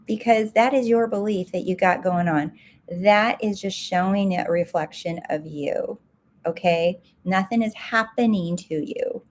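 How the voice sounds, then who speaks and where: A woman's voice: medium pitch, unhurried, slight background noise. Emphatic woman coaching live viewers. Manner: direct, emphatic, repeats key points. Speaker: success coach.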